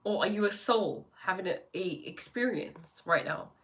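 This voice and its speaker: A woman's voice: mid-range voice, lively intonation, moderate pace, fairly bright tone. A woman hosting a live stream as a life coach, chatting casually and reflectively while answering viewer comments. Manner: reflective, questioning, spiritual talk. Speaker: livestream host and life coach. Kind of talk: casual livestream chat reading viewer comments.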